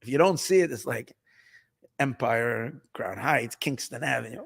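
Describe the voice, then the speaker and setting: A man teaching a Hasidic text as a rabbi, excitable and emphatic, repeating phrases and mixing in Hebrew terms. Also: mid-range voice, unhurried, creaky, slightly rough. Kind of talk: animated Torah class. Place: study hall.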